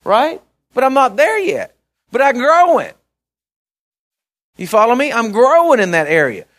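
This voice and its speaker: High-pitched guy preaching, reads scripture, earnest, keeps asking the crowd if they're with him. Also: sing-song, unhurried, a bit bright. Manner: earnest, checks in with the congregation; stumbles and restarts, speaks in short bursts. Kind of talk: conversational sermon with scripture reading.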